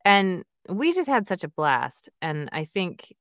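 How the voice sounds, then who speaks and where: A woman who is an audiobook narrator and author chats enthusiastically in a casual interview, with lots of "like" and "you know." Her lowish voice is sing-song and a bit bright, and she speaks slowly. The studio-quality recording has no echo.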